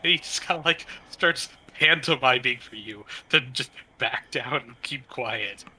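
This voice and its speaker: Halting male game master, sharp tone. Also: mid-range voice, a little hiss or hum. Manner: halting, full of "uh" and "kinda". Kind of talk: narrating a tabletop game.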